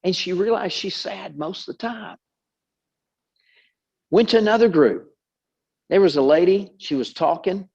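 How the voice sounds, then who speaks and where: A man leads a Bible study in a lively storytelling sermon. He often repeats words for emphasis, and his voice sits slightly high for a man. The recording sounds muffled and lo-fi. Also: unhurried, gravelly, long pauses, slightly rough.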